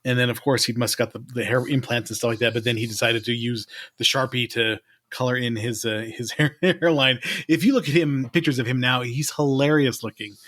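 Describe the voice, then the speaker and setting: A man's voice: mid-range voice, fairly even intonation, fairly quick, hardly any pauses, a bit bright. Laughing man chatting on a podcast. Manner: laughs often, chatty and mocking. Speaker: podcast co-host. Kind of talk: casual chat.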